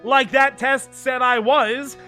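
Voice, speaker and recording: A young man streaming a video game, excitable and ranting, swearing freely and often shouting at the story. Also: extremely high pitch, takes it slowly, faint music behind. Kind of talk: let's play commentary.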